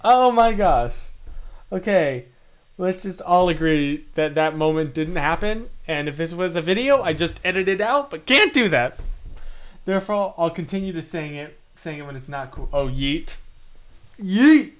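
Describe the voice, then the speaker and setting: A man's voice: fairly high pitch, moderate pace, a bit bright. A young man hosting a livestream, chatting playfully and answering viewer comments with self-deprecating humor. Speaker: livestream host. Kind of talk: casual livestream chat, reading comments.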